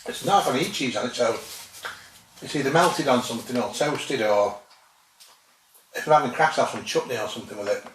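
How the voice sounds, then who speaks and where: A man's voice: medium pitch, a little fast, pauses often, fairly bright tone. Man chatting from across a roomy space. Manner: chatty, dry humour, musing aloud. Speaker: food vlogger tasting cheeses. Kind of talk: casual tasting commentary. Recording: roomy sound, distant from mic, faint noise.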